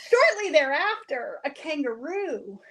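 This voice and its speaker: A woman's voice: high voice, very animated, unhurried, fairly bright tone. An American woman from Florida, a guest in a live craft class, chatting in a rambling way and laughing easily. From Florida, USA.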